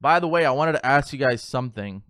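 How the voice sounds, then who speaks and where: A man's voice: medium pitch, expressive, fast talker, fairly bright tone, dry recording, studio quality. A man livestreaming a game, chatting loosely with viewers in a rambling, profane way. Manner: rambling, swears freely, chats to viewers. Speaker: gaming livestreamer. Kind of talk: casual livestream chat while playing.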